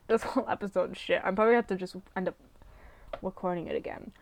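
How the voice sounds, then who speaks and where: Talking fast in a creaky voice over a little hiss or hum, a young solo podcast host goes on a rambling, profane rant. She's blunt, jumping from loud outbursts to low mutters.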